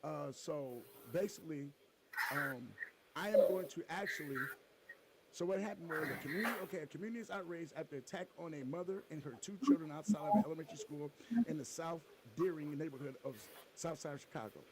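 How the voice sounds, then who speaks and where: A man co-hosting a podcast in casual comedic chat, an animated storyteller with loud bursts. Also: on the high side, brisk, a loud crowd. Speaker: podcast co-host.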